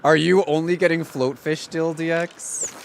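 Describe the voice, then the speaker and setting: A young man streaming a game, chatting casually in an excitable, dramatic and sarcastic way. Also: fairly high pitch, measured pace, gravelly, a little hiss or hum. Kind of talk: casual gaming livestream chat.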